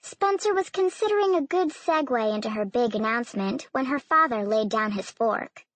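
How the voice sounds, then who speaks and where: Higher woman reading an audiobook. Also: lively intonation, moderate pace, few pauses, a bit bright, no room sound. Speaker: audiobook narrator. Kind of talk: scripted narration.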